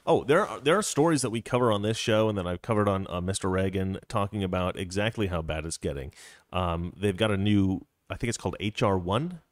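A man's voice: deep voice, a little fast, no echo, studio quality. A man hosting a political live stream, talking casually and rambling with frequent restarts.

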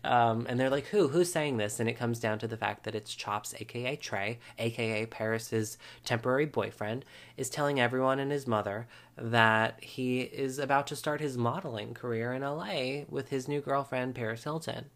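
A man's voice: medium pitch, fairly even intonation, moderate pace, fairly bright tone. A man hosting a podcast, recapping a reality show episode in a casual, chatty way with wry asides and frequent ums.

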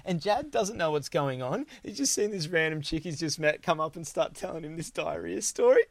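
A man's voice: on the high side, brisk, no echo. An Australian man in his thirties hosting a podcast, telling a casual story with lots of laughing and acted-out lines from friends. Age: 30s. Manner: animated, laughing often, acts out friends' lines. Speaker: podcast host.

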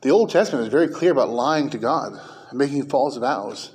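A man preaching a sermon as pastor, emphatic, with his pitch and volume rising and falling. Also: expressive, a little fast, darkish tone.

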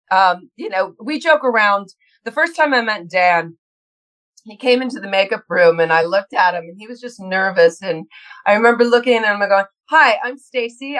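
A woman's voice: on the low side, fairly bright tone, rough recording. A woman in her fifties, an actress guest in an interview, talking casually and bubbly with frequent laughs and restarts.

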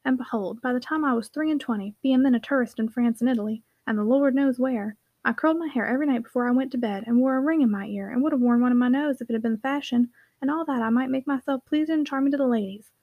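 A woman's voice: sits high, fast, no echo, phone-quality sound. Hearty old dad, blunt and joking, read by a woman. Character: jovial older Yorkshire father, blunt.

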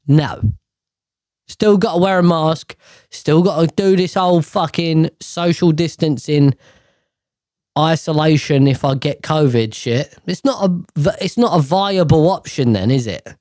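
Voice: mid-range voice, a little slow, darkish tone, no room sound, studio quality. A comic ranter talking sarcastically and with swearing, arguing both sides of a question in a back-and-forth with himself. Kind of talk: comedic rant.

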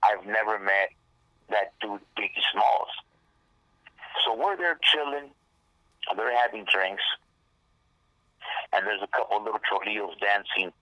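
A man's voice: lowish voice, unhurried, long pauses, bright, forceful tone, no room sound, rough recording. A man, a rapper guest, telling a rambling, profane story in casual talk and acting out the lines people said. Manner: profane, rambling, acts out quoted dialogue.

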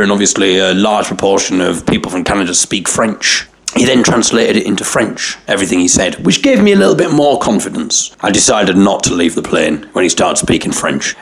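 A man with a lowish voice tells a comic story in a dry, wry way. His pitch swings widely as he plays up mock alarm. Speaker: podcast host.

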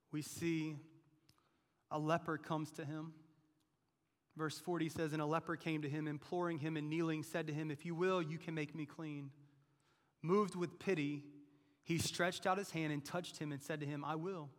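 A fairly high-voiced man preaching a sermon to a church. He presses hard on his key lines and then drops to near-hushed tones. The sound carries a long reverb from a big hall. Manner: emphatic preaching, voice rising to near shouts and dropping low. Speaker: pastor. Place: church sanctuary.

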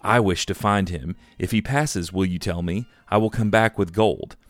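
A man reading aloud as a sinister hooded male rider who talks slowly and stiffly. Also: low-pitched, no room sound, close to an everyday voice. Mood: cold. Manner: slow and stiff.

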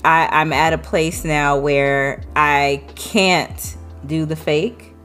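A woman's voice: deep voice, fairly even intonation, slow pace, fairly bright tone, soft background music. A woman hosting a casual talk show, speaking in a heartfelt, sincere way. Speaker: podcast host. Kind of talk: casual conversation.

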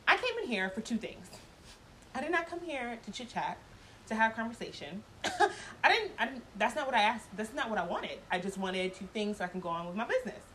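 A woman's voice: fairly high pitch, animated, a little fast, sharp tone, a little hiss or hum, poor audio. Blunt, profane woman telling a story. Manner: laughs often while telling. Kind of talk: casual storytime chat.

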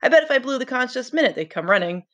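A woman's voice: mid-range voice, sing-song, fairly quick, a bit bright, highs cut off, pitched above the performer's own voice. Casting note: exasperated boy chief, emphatic, read by a woman. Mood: frustrated. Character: earnest boy leader, frustrated.

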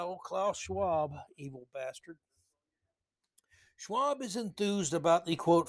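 A man hosting a solo commentary podcast, reading news quotes and adding sarcastic, rambling asides. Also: sits high. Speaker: podcast host.

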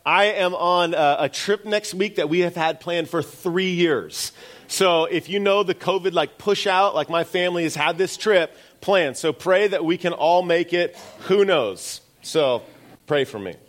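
A man's voice: high voice, a little slow. A middle-aged man preaching a sermon as pastor, in a conversational way with self-deprecating asides.

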